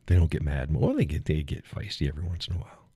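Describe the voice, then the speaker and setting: A man's voice: very deep voice, big pitch swings, quick pace, mellow, slightly rough, no echo, clean studio sound. A man hosting a live stream, chatting casually with viewers in a rambling, folksy way and chuckling often.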